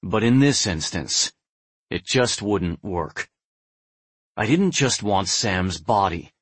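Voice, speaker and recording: Low, husky male audiobook narrator. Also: expressive, fairly bright tone, no room sound. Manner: measured, brooding. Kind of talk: first-person novel narration.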